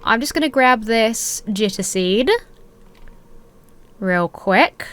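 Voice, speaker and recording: A woman's voice: a little high, animated, slow pace, fairly bright tone, clear, resonant tone. A woman giving rambling, chatty let's play commentary, talking to herself as she plays. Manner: rambling, chatty self-talk while playing. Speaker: gaming video creator.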